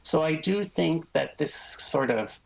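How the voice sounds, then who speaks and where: A man speaking as a guest professor and analyst in a studio discussion, measured and explanatory, often hedging his points. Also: a little high, lively intonation, vocal fry, poor audio.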